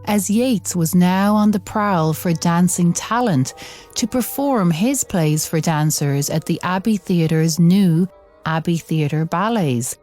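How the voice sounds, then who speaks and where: Slow, low, mellow woman narrating. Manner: measured, deliberate storytelling. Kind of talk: scripted documentary narration. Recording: soft music under the voice.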